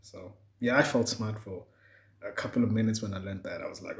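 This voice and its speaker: A man's voice: lowish voice, fairly quick, gravelly. A young man hosting a solo podcast, rambling casually with plenty of swearing and chuckles. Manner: rambling, profane, chuckling often. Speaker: podcast host.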